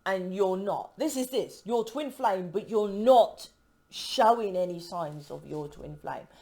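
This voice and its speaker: A woman's voice: mid-range voice, expressive, unhurried, warm tone. Emphatic, rambling woman reading tarot. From United Kingdom. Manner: emphatic, rambling, cuts herself off mid-word; keeps asking "right?" for agreement. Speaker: tarot reader. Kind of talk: casual tarot reading to camera.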